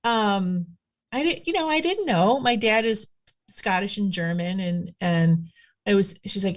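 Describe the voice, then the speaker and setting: A woman's voice: medium pitch, measured pace. A woman guest telling stories in a casual conversation, chatty and rambling with lots of fillers. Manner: chatty, rambling, animated storytelling with many fillers. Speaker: guest, witchcraft practitioner.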